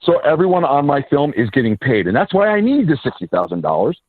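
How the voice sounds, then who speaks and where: A man, an independent filmmaker and actor, telling stories in a casual interview with quick asides and restarts. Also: on the high side, very animated, dry recording. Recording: tinny phone-line sound.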